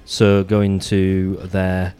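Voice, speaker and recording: A man's voice: low voice, completely flat delivery, drawn-out words, a little mellow. A man hosting a casual podcast chat, easygoing and dry-humoured, often restarting his sentences. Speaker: podcast host.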